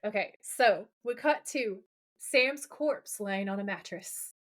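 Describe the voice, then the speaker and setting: A woman's voice: medium pitch, lively intonation, slow. A woman co-hosting a podcast, casually recapping a TV episode, swearing freely and acting out quoted lines. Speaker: podcast co-host.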